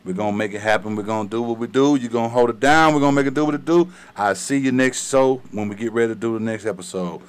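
A man's voice: medium pitch, fast talker, hardly any pauses, clear, resonant tone. Southern male podcast host, mid-range voice, hyped and loose, lots of repetition. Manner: hype, repetitive, slangy. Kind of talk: casual podcast chat.

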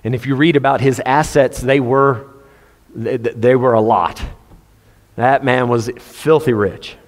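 A man's voice: medium pitch, fairly even intonation, a little slow. A man preaching a sermon, speaking conversationally and quoting scripture in King James wording. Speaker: pastor. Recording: long hall reverb.

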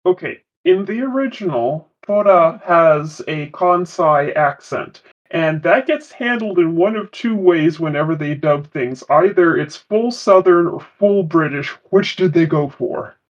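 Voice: mid-range voice, a little slow, hardly any pauses, dull audio. A podcast co-host chatting casually about an episode, dropping dry, wry quips. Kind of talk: casual recap chat.

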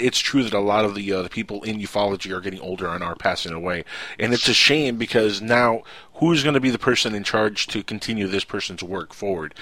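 Halting man hosting live radio. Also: on the low side, a bit bright, no echo. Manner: halting, many fillers and restarts. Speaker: radio show host. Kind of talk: casual live radio talk.

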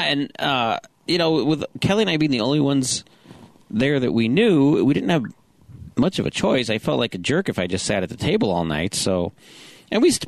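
A man's voice: medium pitch, no room sound. A middle-aged man co-hosting a casual podcast, telling a self-deprecating story with lots of restarts. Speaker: podcast co-host. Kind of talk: casual chat.

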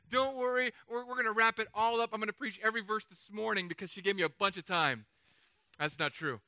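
A male pastor gives a loose, joking sermon, full of playful asides and acted-out voices. His voice sits high and rings very bright and smooth. The sound is dry and close. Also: fast, no room sound. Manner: animated, playful, acts out voices. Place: church.

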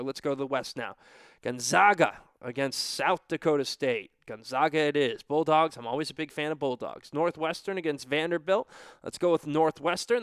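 A young man with a fairly high, smooth, clear voice thinks aloud in a loose, offhand way, hmming between picks. The sound is close and dry, with no room around it. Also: a bit bright, no room sound. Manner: offhand, talking to himself while filling out a bracket. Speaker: bracket picker. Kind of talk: casual solo commentary.

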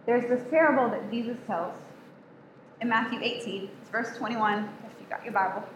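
A woman's voice: a little high, moderate pace, noisy background. A woman giving a casual sermon, talking easily and asking the group questions as she teaches. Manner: chatty, asks the room questions. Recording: echoey room with faint ambience.

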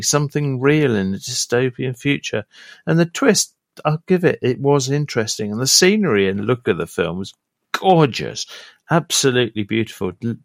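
A man giving a pre-recorded film review in an earnest, measured way. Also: medium pitch, creaky, dry recording, clean studio sound.

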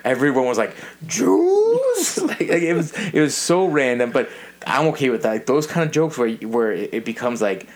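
A man's voice: mid-range voice, brisk. A man in his thirties hosting a podcast, chatting casually and telling stories with frequent laughs. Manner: animated storyteller, laughs often. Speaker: podcast host. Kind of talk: casual chat.

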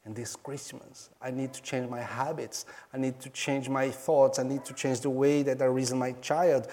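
A man from Brazil preaches a sermon in English with a Portuguese accent. His voice sits at an ordinary middle pitch. He tells his story earnestly, stopping now and then to search for the right word. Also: little pitch movement, dark tone. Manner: earnest storytelling in halting, non-native English. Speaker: pastor.

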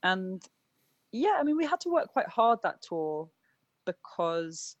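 A woman's voice: medium pitch, very animated, takes it slowly, no room sound, lo-fi sound. A woman in her thirties, a punk band musician being interviewed, talking in a chatty way full of fillers and self-corrections. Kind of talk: casual interview chat.

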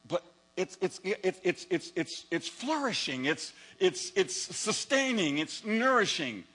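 A male pastor preaching a lively sermon and telling stories from his own life, sometimes acting out his younger self. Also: high voice, unhurried, husky, low-quality recording. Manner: animated storytelling, acts out his own past voice.

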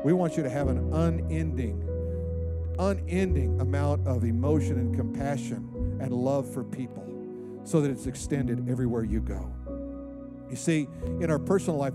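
Loud music sits behind this pastor as he preaches with animation, imitating the people he quotes. His voice is mid-range and his speed is normal.

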